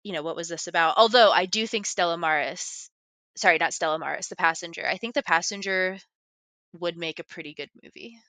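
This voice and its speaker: A woman's voice: on the low side, fairly quick, pushed and bright, no echo. A woman guest in a casual podcast conversation, thinking through questions aloud with many fillers. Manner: thoughtful, questioning, filler-heavy.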